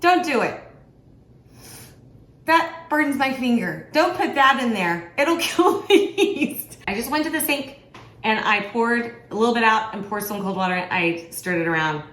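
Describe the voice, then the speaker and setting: A woman's voice: fairly high pitch, expressive, normal speed, fairly bright tone. Chatty self-deprecating woman cooking in an echoey kitchen. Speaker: author and home cook. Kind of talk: casual cooking vlog. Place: home kitchen.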